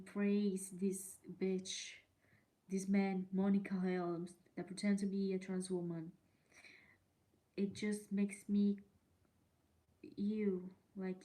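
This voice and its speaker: Female podcast host, solo rant; slow delivery, warm darker tone, emphatic and profane. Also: medium pitch, level tone. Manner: indignant, emphatic, swears freely, repeats herself.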